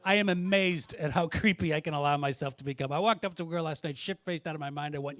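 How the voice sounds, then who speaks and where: A man's voice: fairly high pitch, quick pace, few pauses, a bit bright. A middle-aged man doing a brash, profane stand-up set on a comedy club stage, teasing the audience between jokes. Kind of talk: stand-up set with crowd work.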